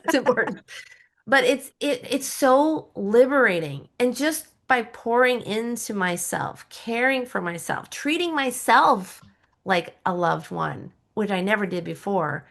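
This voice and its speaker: A woman's voice: on the high side, animated, a little slow, fairly bright tone. A middle-aged woman, a lifestyle coach and podcast guest, telling her personal story candidly, with frequent laughs and self-deprecating asides.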